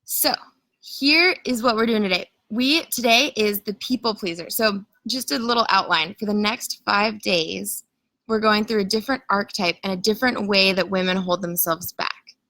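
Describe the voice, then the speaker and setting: Bright, chatty woman coach. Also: mid-range voice, moderate pace, dry recording, low-quality recording. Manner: casual, chatty, filler-heavy with frequent "like"; greets viewers and reads comments aloud. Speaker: coach leading an online challenge. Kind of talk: live-stream coaching talk.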